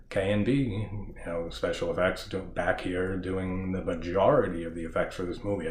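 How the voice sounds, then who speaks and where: A man with a very low voice chats loosely about a movie he loves, laughing often and restarting his sentences. He now and then acts out lines in raised, jokey voices. The sound is roomy, with a faint hiss underneath. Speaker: horror movie channel host. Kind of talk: casual film discussion.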